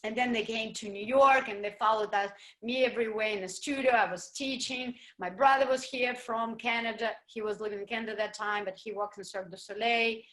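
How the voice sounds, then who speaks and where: A woman ballroom dancer and teacher telling stories in an interview, animated and expressive and sometimes searching for words. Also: a little high, brisk, few pauses. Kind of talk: interview storytelling.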